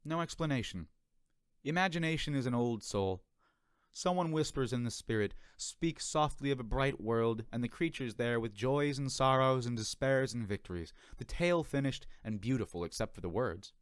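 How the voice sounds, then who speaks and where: A man narrating an audiobook in a measured, expressive reading, recorded by himself. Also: medium pitch, clean tone, dry recording, studio quality. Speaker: audiobook reader. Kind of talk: scripted narration. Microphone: home recording.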